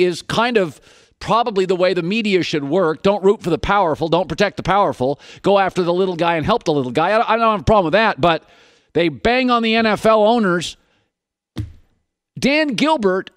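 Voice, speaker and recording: A male sports radio host with a high-pitched voice holds forth in an opinionated studio monologue. He jabs at his points with punchy, sarcastic rhetorical questions. His voice comes through dry and close, with no room sound. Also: dry recording.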